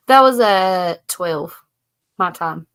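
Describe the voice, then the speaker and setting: A woman's voice: lowish voice, fairly bright tone, clear, resonant tone. A woman hosting a casual live stream from home, retelling a story and laughing often. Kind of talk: casual chat. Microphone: streaming setup.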